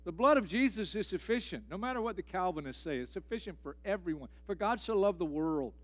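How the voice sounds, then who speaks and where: A middle-aged man, a pastor delivering a sermon in a church, pressing key phrases again and again and swinging between loud and hushed. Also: high-pitched, animated, fairly quick. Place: church sanctuary.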